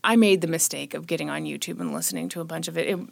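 A woman co-hosting a casual true-crime chat, retelling the details of a case with wry, dark jokes. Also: low-pitched, rapid-fire, creaky. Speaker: podcast co-host.

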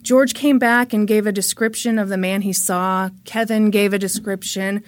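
A woman's voice: medium pitch, fairly even intonation, normal speed. A woman hosting a podcast, telling a true-crime case in a chatty, dramatic way and swearing freely. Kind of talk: casual storytelling.

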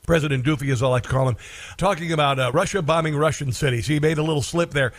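A man's voice: a little high, quick pace. A man hosting a political commentary show, sarcastic and rambling, with many filler sounds.

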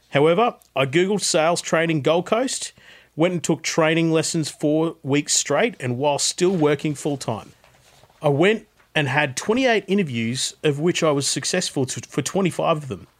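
A man's voice: a little high, natural voice. A man reading a listener's story aloud, putting on an Australian accent to voice a former mechanic turned car salesman. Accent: put-on Australian.

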